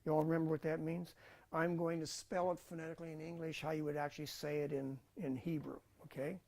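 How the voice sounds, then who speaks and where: Guy lecturing a bible class, slightly high voice, chatty, lots of um and restarts. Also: flat delivery, fast, creaky, darkish tone. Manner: informal, thinks aloud, with many fillers and restarts. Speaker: Bible college teacher.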